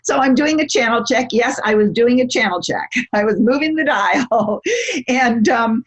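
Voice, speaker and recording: A woman's voice: fairly high pitch, expressive, moderate pace. A middle-aged woman, a success coach, telling a personal story in an interview, laughing often and acting out what people said. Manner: laughs often, acts out quotes in voices. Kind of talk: animated storytelling.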